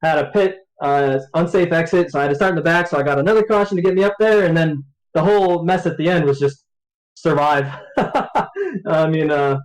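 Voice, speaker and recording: A man talking as a race driver in a post-race interview, relaxed, laughing often and rambling. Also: a little high, moderate pace, poor audio.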